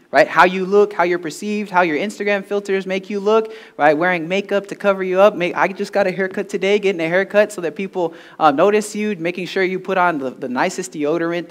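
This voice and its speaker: A man preaching a sermon at a church service, telling stories in an animated way with frequent fillers. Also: high voice. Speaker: pastor.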